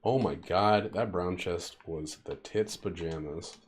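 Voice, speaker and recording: A man's voice: sits low, slow pace, slight background noise. A young man streaming a game, rambling and joking profanely as he plays. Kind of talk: casual gameplay commentary.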